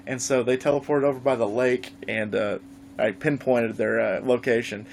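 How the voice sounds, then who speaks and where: A man vlogging live, telling a gaming story in a casual, animated way and swearing freely. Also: medium pitch, moderate pace, vocal fry, slight background noise. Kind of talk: casual livestream chat.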